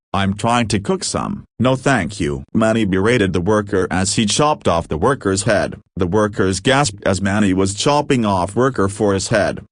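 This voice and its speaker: A man's voice: lowish voice, dry recording, studio quality. A man reading a fan-made horror story aloud, with few changes of voice between the characters.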